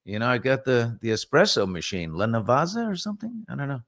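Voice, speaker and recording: A middle-aged man from New York with a New York accent, hosting a morning chat show and telling stories in an animated, casual way. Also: medium pitch, fast talker, no room sound, clean studio sound. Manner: animated storyteller, reads viewer comments aloud.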